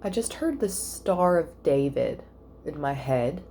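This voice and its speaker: A woman giving a casual spiritual reading at home, chatty and thinking out loud with soft asides. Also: low-pitched, expressive, slow, slight background noise. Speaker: tarot reader.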